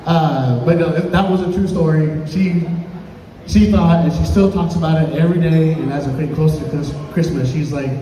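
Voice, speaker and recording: A man in his thirties doing an open mic stand-up set, telling stories and acting out quotes with big jumps in pitch. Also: moderate pace. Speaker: stand-up comedian. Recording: echoey hall from far off, faint room noise.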